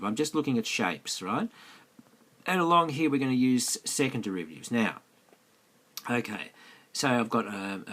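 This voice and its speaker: A man's voice: fairly low pitch, a bit bright. A man teaching maths in a screencast lesson, chatty and repetitive, often checking that students follow. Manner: chatty, repeats himself, asks students questions. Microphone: close mic over a tablet screencast.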